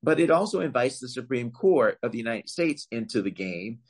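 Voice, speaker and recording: A man giving long, measured answers as a legal expert in an interview, explaining points carefully with some fillers and emphatic rises. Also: mid-range voice, sing-song, husky. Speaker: voting rights legal expert, guest.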